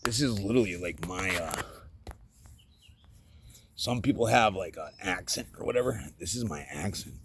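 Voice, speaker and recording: A man's voice: low voice, expressive, normal speed, long pauses, fairly bright tone, a little hiss or hum. A man talking in a rambling, self-deprecating vlog monologue, often dropping to a whisper, recorded outdoors at night.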